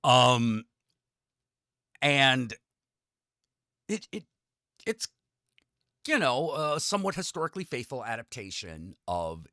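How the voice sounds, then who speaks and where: Chatty man on a casual talk show, dry close sound, bright and lively. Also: mid-range voice, slow pace, pauses often, dry recording. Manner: lively, chatty, lots of "you know" and "um". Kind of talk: casual podcast chat.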